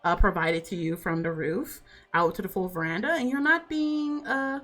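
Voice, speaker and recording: A woman's voice: fairly low pitch, moderate pace, fairly bright tone. A woman narrating as game master in casual, laughter-filled talk, with swearing.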